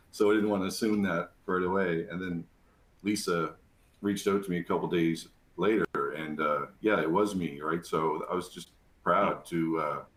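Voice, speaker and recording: A man's voice: low-pitched, fairly even intonation, unhurried, fairly bright tone, roomy sound. A man speaking as a panel guest, talking in a heartfelt way with many fillers. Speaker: panelist, program graduate. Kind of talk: casual panel talk.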